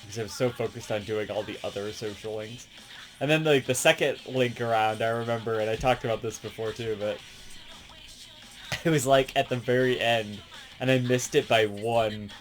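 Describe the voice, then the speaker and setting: A gaming channel host with a mid-range voice rambles excitedly and casually about a game he loves, swearing plenty and laughing a lot at a moderate pace. Faint music plays in the background.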